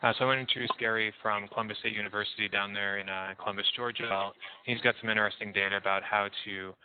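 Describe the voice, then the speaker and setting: A man's voice: fairly low pitch, steady tone. A man hosting a webinar, introducing a guest in a casual way with fillers. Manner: casual, quick, uses fillers. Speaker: webinar host. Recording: tinny phone-like line.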